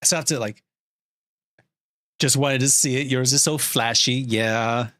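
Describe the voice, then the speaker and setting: His medium-pitched voice stays steady and fairly bright as he streams his storyboard drawing, moving a little slowly through rambling, chatty talk dotted with laughs and plenty of "like." The recording is dry and studio-clean.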